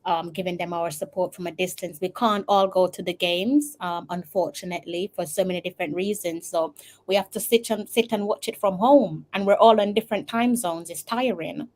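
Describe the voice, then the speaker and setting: A woman's voice: on the low side, steady tone, brisk, a little mellow, a little hiss or hum. Weary woman in casual chat. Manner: weary, plain-spoken.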